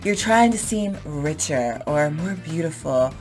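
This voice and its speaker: A woman's voice: sits low, lively intonation, a little slow, darkish tone, soft background music. A woman teaching English vocabulary in a chatty, explanatory way, with everyday examples and fillers. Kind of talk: casual explanatory lesson.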